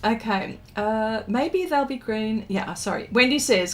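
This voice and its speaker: A woman's voice: a little high, measured pace, few pauses. A woman hosting an art livestream, chatting casually while she draws and reading viewer comments aloud with self-teasing asides. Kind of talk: casual chat while drawing live.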